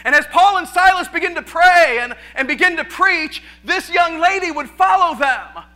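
A male pastor preaching a lively sermon in a church. He often repeats his words and laughs. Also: very high-pitched, normal speed.

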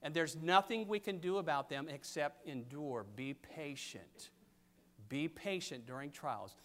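An older man preaching a sermon, reading scripture and pressing his points with sudden loud stresses. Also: fairly high pitch, normal speed. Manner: emphatic, pulpit cadence with sudden loud stresses.

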